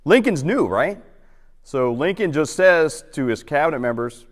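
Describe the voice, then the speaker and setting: A man giving an informal history talk to a roundtable audience, chatty and acting out quotes in lively voices. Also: fairly high pitch, normal speed, long reverb tail. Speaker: guest historian. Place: lecture hall.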